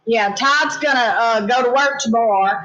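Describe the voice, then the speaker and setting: A woman's voice: on the high side, normal speed, a bit bright, lo-fi sound. A middle-aged woman with a Louisiana Southern accent, chatting folksily on a homestead livestream and reading out viewer comments. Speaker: homestead channel co-host.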